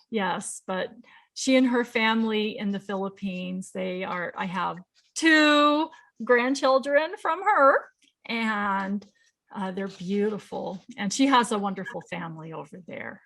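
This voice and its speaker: A woman's voice: medium pitch, gravelly. A woman in her fifties hosting a casual chat, reading tributes aloud and laughing often. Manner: warm-hearted, laughs often, easily moved. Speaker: host.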